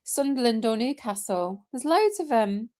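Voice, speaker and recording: A woman's voice: a little high, very animated, moderate pace, dark tone, dry recording, studio quality. A woman chatting as a guest on a livestream, telling stories and laughing at herself. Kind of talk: casual chat on a livestream.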